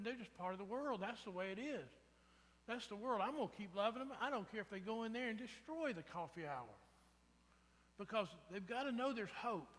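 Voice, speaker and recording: The sanctuary's reverb surrounds a pastor as he preaches conversationally, regularly turning to the congregation with "right?" He speaks in a high-pitched, slightly bright voice.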